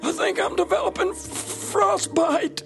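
A man voicing a timid small male ranch dog with a high quavering voice, stammering from the cold. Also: a little slow, gravelly, over music, full character voice. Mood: shivering.

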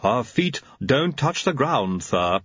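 A dour male servant with a lisp, put on by a male narrator, answering with dry, gloomy deference. The voice is husky, and the storybook recording sounds dull and lo-fi. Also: medium pitch, very animated, slow, fairly bright tone, no echo, heavily acted. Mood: dour, deferential.

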